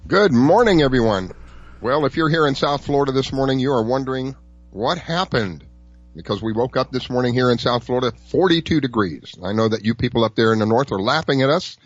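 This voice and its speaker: A man's voice: mid-range voice, animated, brisk. A middle-aged man hosting a fishing radio show in a chatty, folksy way, with lots of fillers and chuckles. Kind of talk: casual radio talk. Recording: dull, lo-fi, dry broadcast sound.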